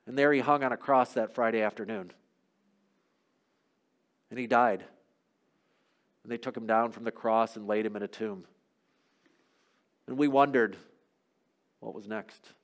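A man preaching a sermon as a first-person dramatic monologue, telling the story and swinging from loud to hushed. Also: medium pitch, normal speed, pauses often.

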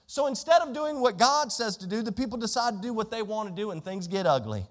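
A man's voice: sits high, lively intonation, quick pace. A man preaching a sermon as pastor, emphatic, reading scripture aloud in a church. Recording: long hall reverb.

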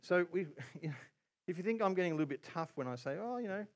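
A man preaching a sermon, animated, often acting out quotes in other voices. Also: on the high side, fairly quick. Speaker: pastor.

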